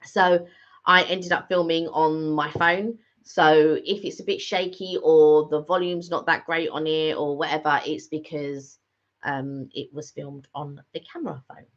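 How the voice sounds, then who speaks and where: A middle-aged woman co-hosting a vlog speaks in a low, flat, unhurried voice. She rambles through casual chat with frequent fillers and restarts, on slightly dull lo-fi audio.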